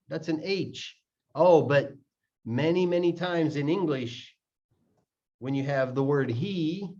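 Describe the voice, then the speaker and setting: Slow, patient man teaching pronunciation. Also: fairly high pitch, a little mellow. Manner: repeats words slowly to demonstrate sounds. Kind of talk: explaining lesson, slow and deliberate. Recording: dull lo-fi audio.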